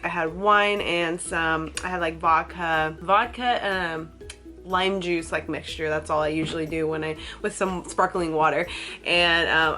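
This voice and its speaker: A woman's voice: medium pitch, fairly bright tone. A woman fitness vlogger with a congested, nasal voice from a head cold, talking in a chatty, rambling way with frequent laughs and fillers. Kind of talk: casual educational vlog.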